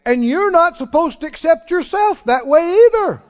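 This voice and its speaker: A man preaching a sermon to a congregation, animated and throwing questions back at the listeners. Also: very high-pitched, normal speed. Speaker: pastor. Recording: dull lo-fi sound with long hall reverb.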